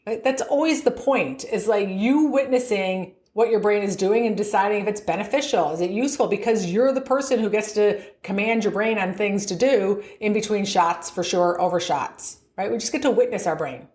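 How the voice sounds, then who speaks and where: A woman's voice: mid-range voice, normal speed, few pauses, a little mellow, echoey room. Middle-aged woman golf coach, upbeat podcast delivery, laughs a lot, voices players' inner chatter.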